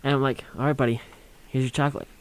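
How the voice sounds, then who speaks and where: A man's voice: medium pitch, flat delivery, racing, clear, resonant tone. A young man telling a rambling, funny story on a college radio show, acting out quotes and laughing along.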